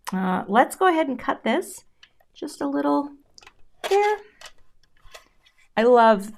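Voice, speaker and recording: A chatty woman in middle age hosts a live crafting stream from home. She talks casually while she works, breaking off sentences and picking them up again. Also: medium pitch. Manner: chatty, self-interrupting, reads out viewer comments. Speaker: craft channel host.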